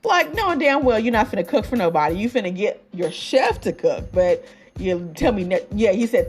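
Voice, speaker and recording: A woman talks through an album review like a podcast host among friends. Her talk wanders with fillers and quick asides, at a middling pitch, with faint music underneath. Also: lively intonation, a little mellow. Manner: chatty, many fillers and asides, laughs at her own jokes. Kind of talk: casual album review chat.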